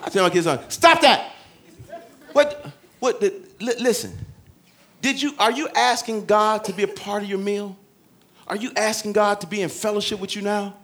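A man preaching a sermon in a folksy, joking way, swinging between loud shouted emphasis and hushed asides. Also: high voice, fairly even intonation, fairly quick. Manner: conversational, folksy preaching with humor.

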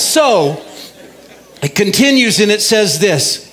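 A male pastor preaching a sermon in a lively way, drawing out key phrases and leading the congregation in call and response. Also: high-pitched, normal speed. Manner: lively, drawls out key phrases, has the congregation repeat lines.

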